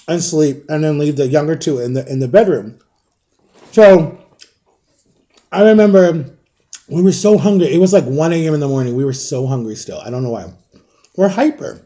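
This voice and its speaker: A man in his thirties telling a personal story in a casual vlog, animated and acting out the people in it. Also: on the high side, lo-fi sound. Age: 30s. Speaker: storytime vlogger.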